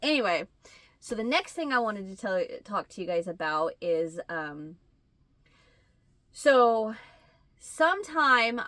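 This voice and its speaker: A woman with a Midwestern American accent, hosting a crochet channel and telling a rambling story in casual chat, acting out bits of dialogue in a higher voice. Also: sharp tone, no echo.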